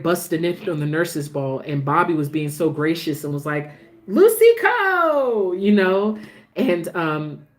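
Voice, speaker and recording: A woman with a low voice talks through the week's soap episodes in a loose, chatty way. She often restarts her sentences and admits the scenes move her. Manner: chatty, restarts sentences, gets emotional about the show. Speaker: soap opera recap host. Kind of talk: casual chat.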